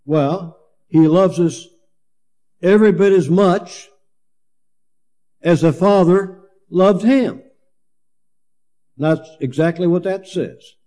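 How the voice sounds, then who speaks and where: A man preaching a sermon, teaching through a Bible passage verse by verse, pausing often with fillers and restarts. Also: sits high, dark tone. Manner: slow, halting, many fillers and restarts.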